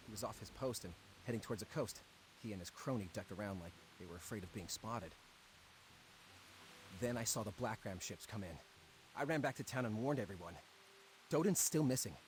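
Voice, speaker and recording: A jittery townsman from a fantasy game, played by a man, confiding secrets in a hushed, conspiratorial tone. His voice sits fairly low. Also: a little hiss or hum, lightly acted. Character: nervous young townsman sharing a secret.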